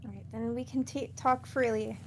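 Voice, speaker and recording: A woman's voice: on the high side, steady tone, normal speed, a little mellow, a little hiss or hum. A woman playing a tabletop game in casual chat. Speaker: player.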